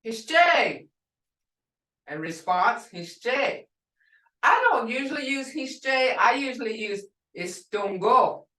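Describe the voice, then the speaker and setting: A woman teaching a language class over a video call, slowly and patiently repeating phrases for her students. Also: a little high, expressive, a bit bright. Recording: echoey room, distant mic.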